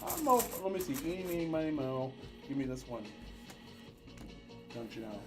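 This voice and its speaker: Playful rambling man, slightly high voice. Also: very animated, normal speed, over music. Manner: rambling, playful, calls emoji races with jokes. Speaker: livestream co-host. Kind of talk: casual livestream chat.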